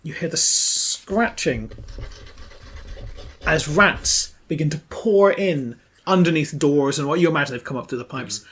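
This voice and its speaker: A man's voice: on the high side, unhurried, a bit bright. A man running a tabletop role-playing podcast as game master, narrating scenes and laughing often.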